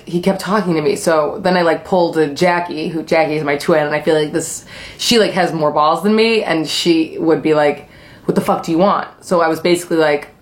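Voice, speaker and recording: A young adult woman chatting casually on camera while eating, rambling through a story with lots of fillers and swearing. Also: on the low side. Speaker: vlogger.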